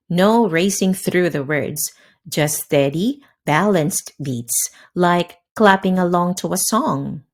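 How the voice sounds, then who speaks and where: A woman hosting a scripted language lesson, upbeat and crisply enunciating, giving drill words slowly one at a time. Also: lowish voice. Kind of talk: scripted instructional narration. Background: faint background music.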